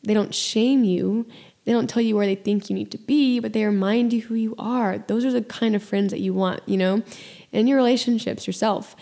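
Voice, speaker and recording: A woman hosts her own podcast in a reflective solo monologue about faith. She speaks earnestly and gently, with a mid-range pitch for a woman and frequent "like" and "you know" fillers. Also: fairly even intonation, a little fast. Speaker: podcast host.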